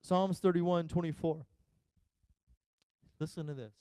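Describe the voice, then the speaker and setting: A pastor preaching a sermon, telling a funny family story and acting out the voices of everyone involved. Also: male voice, fairly high pitch, steady tone, unhurried, dark tone, clean tone, no room sound, studio quality. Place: church sanctuary.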